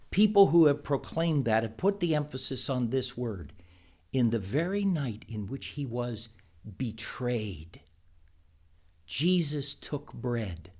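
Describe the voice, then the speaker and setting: A middle-aged man giving thoughtful, unhurried advice to preachers, pausing often with ums and restarts. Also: medium pitch. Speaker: preaching teacher. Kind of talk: instructional talk to preachers.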